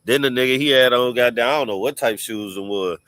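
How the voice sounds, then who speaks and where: Man, livestream host, casual rambling commentary, profane, bright forceful voice, dry close sound. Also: mid-range voice, fast talker, no room sound. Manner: rambling and profane, repeats "y'all", greets chat.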